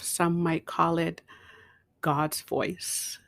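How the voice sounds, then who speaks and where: A middle-aged woman, host of her own show, slowly telling a personal story and sometimes dropping to a whisper. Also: on the low side, steady tone, gravelly, a little mellow, no room sound. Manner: slow, reflective storytelling, dropping to a whisper at times. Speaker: podcast host. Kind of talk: personal testimony.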